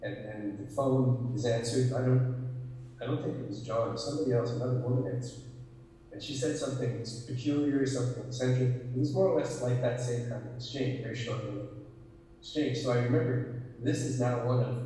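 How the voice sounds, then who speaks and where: An older man, a guest author, telling a rambling, unhurried story with frequent restarts. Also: medium pitch, steady tone, warm tone, a little hiss or hum. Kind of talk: anecdotal storytelling in conversation. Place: theater stage. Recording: echoey hall, distant mic.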